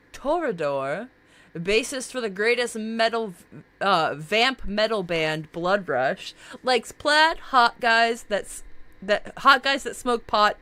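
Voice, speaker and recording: A woman's voice: lowish voice, pushed and bright. A woman streamer in casual live-stream chat, reacting to viewers' characters in a bubbly, gushing way with many fillers.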